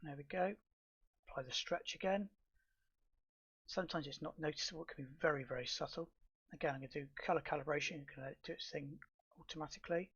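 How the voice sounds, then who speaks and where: A middle-aged man calmly explaining software steps in a tutorial, with fillers and restarts. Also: fairly high pitch, fast talker, husky, highs cut off. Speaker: astrophotography tutor. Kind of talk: screen-recorded software tutorial.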